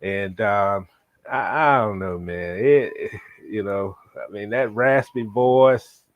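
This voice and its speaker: A sports reporter from Florida joins the chat over a slightly dull, muffled line. He talks in a halting way, circling back and restarting his sentences. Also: on the low side. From Jacksonville, Florida. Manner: halting, many restarts and fillers.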